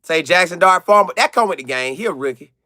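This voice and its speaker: A young man chats with his live audience in a high, bright voice. He is animated and excitable, hammering his points home by repeating them. The sound is dry and close to the mic. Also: fast, no room sound. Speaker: live-stream host answering chat. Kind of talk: casual live chat commentary.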